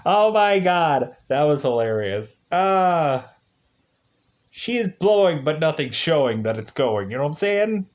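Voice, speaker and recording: A man giving casual, rambling commentary on a mobile game he's playing, chatty and quick to laugh. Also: on the high side, very animated. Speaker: gaming video host. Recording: dull lo-fi recording.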